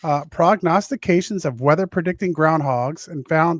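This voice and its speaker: A man with a Southern US accent hosts a casual podcast, reading news items aloud. He hesitates and restarts often, filling gaps with uhs and ums. His voice sits a little high and sounds dry and close. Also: no room sound. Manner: halting, many filler sounds and restarts while reading. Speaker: podcast host.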